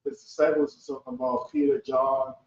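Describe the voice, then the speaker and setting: A student reading scripture verses aloud in a class, flatly, repeating lines on request. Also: medium pitch, a little fast. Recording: distant, roomy, muffled room recording.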